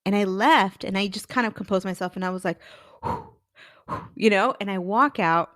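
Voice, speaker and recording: Speaking at a moderate pace in a medium-pitched, fairly bright voice, a thirties-aged career coach and podcast host shares her personal story openly, voicing her past thoughts aloud. The studio sound is clean, with no room sound.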